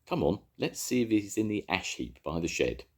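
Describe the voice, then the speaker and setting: A man's voice: on the low side, sing-song, moderate pace, husky, pitched above the performer's own voice. An older man voicing an earnest, plain-spoken railway engine driver in a storybook reading.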